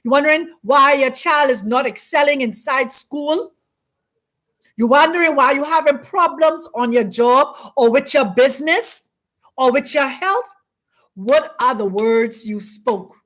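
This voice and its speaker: The host, a woman with a high-pitched and slightly bright voice, gives a spiritual teaching talk. She uses an emphatic, sermon-like manner, with drawn-out phrases she repeats.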